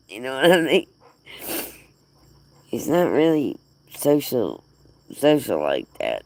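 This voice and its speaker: A man's voice: medium pitch, creaky, a little mellow, no room sound, full character voice. An actor playing a grieving man who rambles tearfully and half laughs as he dotes on his dog. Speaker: dog owner. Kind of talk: emotional monologue.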